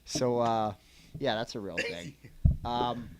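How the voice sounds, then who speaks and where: A man's voice: mid-range voice, steady tone, takes it slowly, a crowd in the background. A man hosting a casual podcast, chatting easily with a friend and plugging his upcoming shows. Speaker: podcast host.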